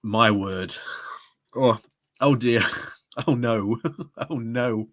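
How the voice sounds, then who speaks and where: A man's voice: medium pitch, drawn-out words, a bit bright. A man hosting a casual live stream, chatty and often breaking into laughter as he talks. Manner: giggly, chatty, often laughing mid-sentence.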